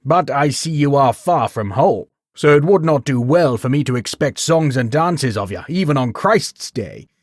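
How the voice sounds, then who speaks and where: A hearty, booming lord with a rich baritone, as a male storyteller puts him on. He welcomes guests loudly, pitched above the teller's own low voice and close to a shout, with a dry, close sound. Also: animated, normal speed, few pauses, no echo, close to an everyday voice. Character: jovial booming noble lord, hearty host.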